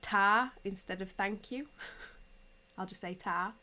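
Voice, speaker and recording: A woman's voice: mid-range voice, takes it slowly, bright, forceful tone, a little hiss or hum. Chatty woman with a strong English accent. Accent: English regional. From England. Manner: chatty, laughs easily, answers chat as she knits. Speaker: knitting tutor. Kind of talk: casual livestream tutorial.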